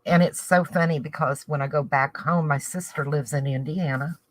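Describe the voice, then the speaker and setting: A woman's voice: deep voice, fairly even intonation, normal speed, a little hiss or hum, poor audio. A woman with a Southern US accent chatting casually to viewers, rambling and thinking aloud as she works on a craft project. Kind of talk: casual crafting chat to camera.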